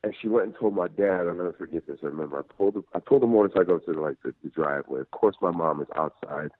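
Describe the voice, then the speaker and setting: A man in his thirties from Nigeria, a guest telling relaxed stories over the phone and laughing often. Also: deep voice, very fast, dry recording. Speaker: guest actor. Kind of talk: casual phone interview. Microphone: phone line. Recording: tinny dry phone line.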